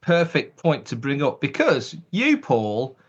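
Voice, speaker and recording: A man's voice: mid-range voice, huge pitch swings, unhurried, husky, dull audio. A man hosting a podcast, chatting enthusiastically with his co-host in a casual way.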